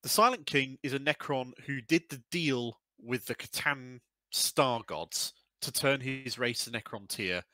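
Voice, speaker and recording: A man's voice: medium pitch, lively intonation, unhurried, sharp tone, no room sound, rough recording. A man co-hosting a podcast in casual chat, rambling with fillers and the odd swear. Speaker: podcast co-host.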